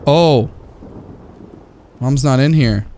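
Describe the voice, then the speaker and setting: A man's voice: mid-range voice, extremely slow, dark tone, slight background noise. A young man giving let's-play commentary on a horror game, jokey, swearing and easily startled. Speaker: gaming YouTuber.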